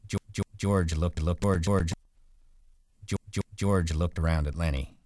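Deep-voiced man reading a story. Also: a little slow. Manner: steady, low-key delivery doing character voices. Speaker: audiobook narrator.

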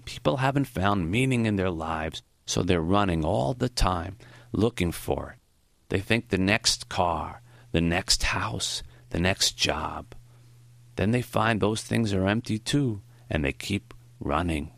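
A man voicing a frail, gentle old male professor in an audiobook, with a foggy, high-pitched voice and slow, earnest speech. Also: animated, vocal fry, no room sound, exaggerated voice. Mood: reflective. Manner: slow, warm, earnest counsel. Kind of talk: audiobook character voice.

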